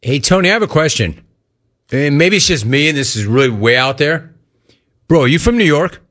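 A middle-aged man from Southern California hosting a sports talk radio show, animated and playfully ribbing his callers. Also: a little high, fairly quick.

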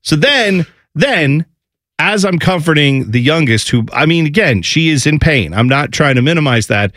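A man in his thirties telling a lively family story in casual chat, acting out his kids' voices. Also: a little high, moderate pace, no echo, clean studio sound. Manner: animated, acts out family voices.

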